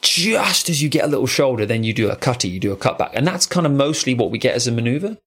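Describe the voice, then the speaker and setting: A man's voice: mid-range voice, sing-song, fast, fairly bright tone, husky. A man hosting a podcast in casual chat, rambling and musing with frequent asides. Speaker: podcast host.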